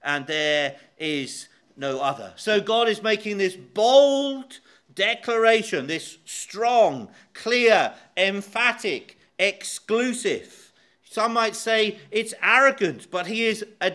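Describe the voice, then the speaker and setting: Man, preacher, sermon, high bright voice, slow and emphatic, hesitant fillers. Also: lively intonation, smooth. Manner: measured, emphatic, with frequent uh and um.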